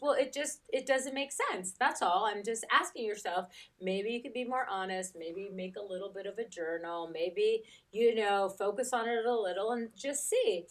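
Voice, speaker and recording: Woman life coach, candid and animated storyteller, sits back from the mic. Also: mid-range voice, moderate pace, recorded from a distance. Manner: candid storyteller, acts out quotes, laughs easily. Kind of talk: casual chat.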